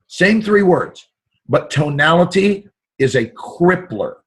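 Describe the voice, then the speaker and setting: A middle-aged man talking as an interview guest, expansive and animated, acting out the voices he quotes. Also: high-pitched, slow, slightly rough. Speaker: guest actor. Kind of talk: motivational storytelling.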